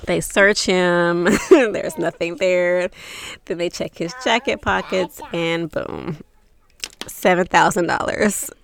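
Slow-talking woman co-host. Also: lowish voice, gravelly. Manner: unhurried storyteller, laughs while recapping. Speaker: podcast co-host recapping a soap opera. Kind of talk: casual chat.

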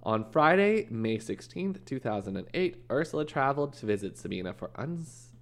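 A man's voice: mid-range voice, very animated, moderate pace. A man hosting a casual true-crime podcast, telling a case with jokes and acted-out quotes. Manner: joking storyteller, acts out quoted people. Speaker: podcast host.

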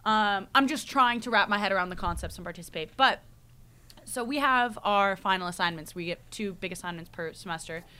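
Bright-voiced woman telling a story. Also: mid-range voice, brisk, clean tone. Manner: rambling, animated storytelling with frequent "like" and laughs. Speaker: podcast host, university student. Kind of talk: casual chat.

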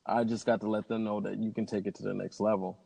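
A man's voice: on the low side, little pitch movement, fast, gravelly, mellow, husky. A man, a pilot telling stories in a casual interview in an upbeat, rambling way. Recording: long hall reverb.

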